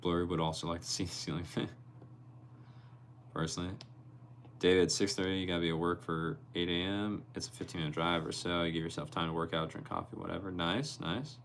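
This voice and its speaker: A young livestream host with a very low, deep voice and some vocal fry chats casually from his bedroom, speaking a little fast. He reads viewers' comments aloud and answers each person by name in an easygoing way, with a faint hum in the background.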